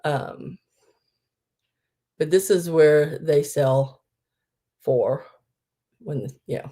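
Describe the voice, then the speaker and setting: A woman's voice: low-pitched, drawn-out words, warm tone. A middle-aged woman, chatting casually on a live sale stream, gushing and trailing off with ums.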